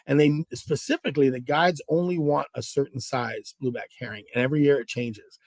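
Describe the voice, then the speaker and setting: A man's voice: mid-range voice, fairly quick, hardly any pauses, no room sound, studio quality. A middle-aged man from Southern California, a guest angler telling fishing stories in a casual interview and acting out the dialogue. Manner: animated, acts out dialogue in stories.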